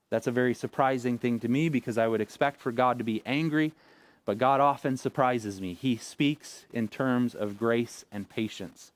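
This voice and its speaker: A man's voice: mid-range voice, normal speed. A pastor in his thirties giving a conversational sermon, acting out the quoted voices with feeling. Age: 30s. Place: church sanctuary.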